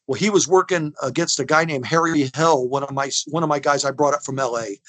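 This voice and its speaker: An interview guest in his sixties, his voice a little high and fairly quick with no room sound, tells casual stories. He's folksy and rambling, with restarts and laughter, and he animatedly acts out the lines of the people involved.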